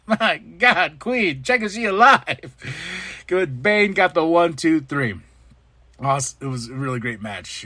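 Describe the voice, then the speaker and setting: A man's voice: a little high, pushed and bright, no echo. A man hosting a podcast, casually recapping wrestling shows, laughing often and acting out quotes. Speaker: podcast host.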